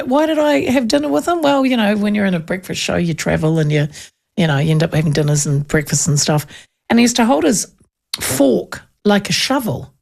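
A woman hosts a breakfast radio show in easy, casual chat. Her voice has a gravelly, creaky texture at a middling pitch. She rambles through stories and laughs often. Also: darkish tone. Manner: chatty, storytelling, laughs often.

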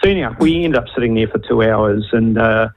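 A man's voice: lowish voice, fast, dry recording. A man calls in to a radio show and tells a travel story in a rambling, hesitant way with many fillers. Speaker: caller. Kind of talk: casual phone-in storytelling. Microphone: phone line. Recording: muffled phone line on radio.

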